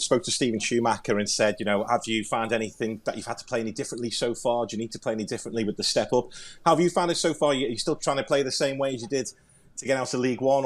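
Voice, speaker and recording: Scouse male commentator, rapid-fire, cheeky banter on a podcast. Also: mid-range voice. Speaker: football commentator. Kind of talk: casual podcast chat.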